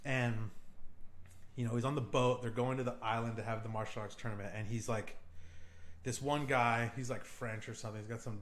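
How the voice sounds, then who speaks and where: A young man on a podcast, excitedly retelling a favorite film scene with lots of fillers and swearing. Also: mid-range voice, brisk. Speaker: podcast co-host. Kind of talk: casual podcast chat.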